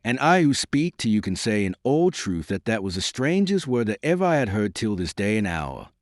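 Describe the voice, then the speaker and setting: A man's voice: on the low side, sing-song, normal speed, no room sound, studio quality. A man voicing an old village uncle, blunt and questioning. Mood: puzzled.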